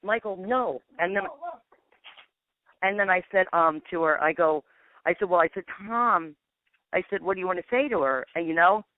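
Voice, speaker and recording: A female paranormal investigator with a lowish voice tells a long story in a phone interview at a moderate pace, leaving long pauses. She rambles and acts out dialogue with "I'm like" over a tinny, dry line.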